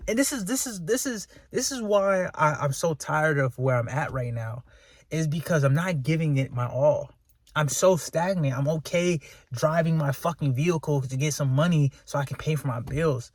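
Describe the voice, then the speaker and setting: A man's voice: a little high, normal speed, no echo, clean studio sound. A man, venting in a candid, self-critical, profane rant to his viewers. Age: 20s. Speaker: vlogger.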